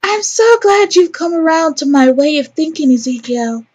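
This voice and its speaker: A woman voicing a lofty, condescending young mystic in a mobile story game, with a high, airy, superior delivery. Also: expressive, normal speed, a little mellow.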